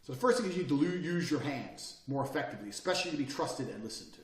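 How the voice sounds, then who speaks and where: A man's voice: a little high, lively intonation, rapid-fire, a little hiss or hum. Blunt, profane man in an echoey room. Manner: profane, forceful and emphatic. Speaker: self-improvement speaker. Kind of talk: blunt motivational lecture. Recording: echoey room, mic at a distance.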